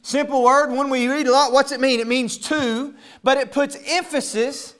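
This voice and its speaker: A man's voice: extremely high pitch, steady tone, moderate pace. A male pastor preaching a sermon, often repeating words as he restarts, then building to emphatic, raised passages. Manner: stammering word repeats, building to emphatic shouts.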